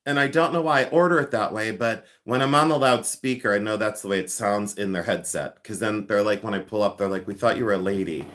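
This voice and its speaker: A man's voice: on the low side, brisk, few pauses, a bit bright. A man in his fifties hosting a casual livestream, rambling and joking as he chats with viewers by name. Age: 50s. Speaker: livestream host and jewelry collector.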